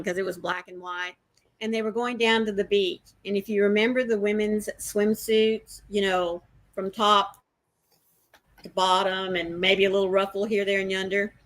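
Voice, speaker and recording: A woman's voice: medium pitch, steady tone, normal speed. An older woman, chatting casually on a livestream, telling stories and explaining things like a teacher.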